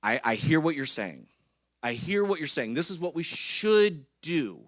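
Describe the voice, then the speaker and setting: A man's voice: fairly high pitch, sing-song, a little slow, a bit bright, dry recording, voice pushed up. A man preaching, acting out anxious disciples who plead in a hesitant way. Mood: fretful. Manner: hesitant, pleading, talking himself around. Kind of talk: acted quote in a sermon.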